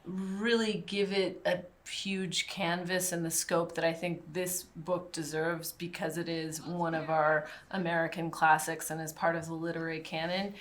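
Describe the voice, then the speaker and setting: A woman's voice: on the low side, flat delivery, a little slow, hardly any pauses. A woman film director in a press interview, speaking earnestly and articulately about her work.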